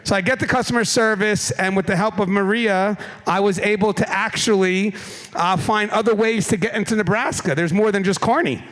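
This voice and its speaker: A man giving a keynote speech at a conference, telling a humorous travel anecdote in a casual, animated way into a stage microphone. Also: high-pitched, moderate pace. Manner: animated, casual storyteller who swears and laughs at his own story. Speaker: keynote speaker.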